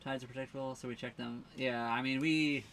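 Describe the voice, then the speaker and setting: A man with a medium-pitched, monotone, slightly bright voice talks fast, with a little background noise. He co-hosts a casual livestream from the sailboat he lives on, answering viewer questions in a rambling way full of fillers and restarts.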